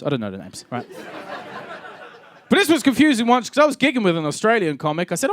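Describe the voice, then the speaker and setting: A man's voice: high-pitched, wildly swooping pitch, fast, long pauses. A young Scottish man doing a stand-up comedy set on a club stage, sardonic and punchy.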